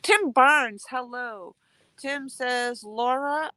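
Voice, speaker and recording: A woman's voice: fairly high pitch, expressive, slow pace, bright, forceful tone, clear, resonant tone, dry recording. A woman hosting a casual live stream outdoors while fishing, chatting and thanking viewers by name. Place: outdoors, fishing in freezing cold.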